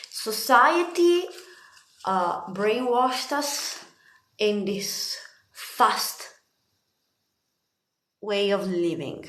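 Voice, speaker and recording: A woman's voice: medium pitch, animated, drawn-out words, long pauses, fairly bright tone. A woman from Italy giving a casual spiritual card reading, chatty and laughing often, swearing freely. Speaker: tarot card reader. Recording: echoey room.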